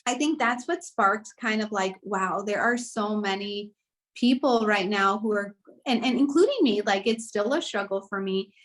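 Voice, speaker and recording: A woman's voice: mid-range voice, moderate pace. A young woman telling her personal story in a casual podcast conversation, earnest and rambling, with many "like" fillers. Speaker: guest sharing her story.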